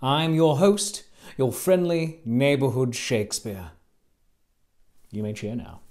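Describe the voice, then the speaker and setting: Woman playing a jokey shakespeare host, playful, theatrical, lively pitch, slow unhurried delivery. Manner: playful, theatrical, laughs often. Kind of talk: comedic audience-participation hosting.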